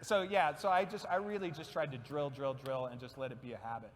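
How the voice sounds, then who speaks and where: A man's voice: medium pitch, brisk. A man talking animatedly and playfully as an actor on a convention panel. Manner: animated, playful, slips into voices. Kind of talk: casual panel chat. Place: large convention hall. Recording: echoey convention hall.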